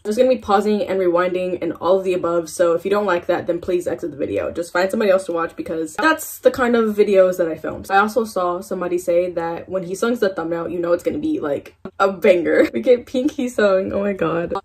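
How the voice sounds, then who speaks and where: A woman's voice: on the low side, fast talker, few pauses, darkish tone, breathy edge. A young woman vlogging a K-pop reaction, gushing and fangirling, with a tired voice after waking up early. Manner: gushing, fangirling, lots of "oh my god" and "like". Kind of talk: excited reaction vlog chat. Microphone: phone camera.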